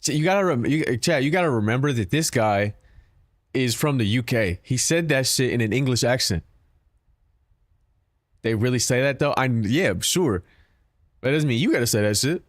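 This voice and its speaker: A man's voice: medium pitch, animated, normal speed, pauses often, no echo, studio quality. A man streaming a game, chatting casually and profanely with his viewers, joking and talking back to chat.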